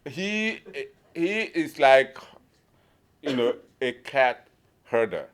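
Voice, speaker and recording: A man from Nigeria giving an informal conference talk, pausing often to search for words, with a humorous touch. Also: mid-range voice, sing-song, smooth. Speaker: conference speaker.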